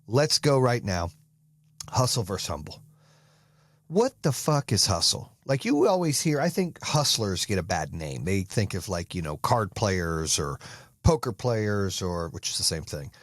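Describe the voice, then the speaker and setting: An American podcast host with a medium-pitched voice delivers an intense, profanity-laced motivational monologue, recorded with clean studio sound and no echo.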